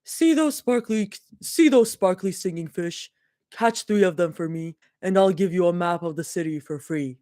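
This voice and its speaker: A woman voicing an old fisherman who speaks like a blank, old-fashioned game character, in a flat monotone with halting starts. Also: lowish voice, no room sound, studio quality, close to an everyday voice.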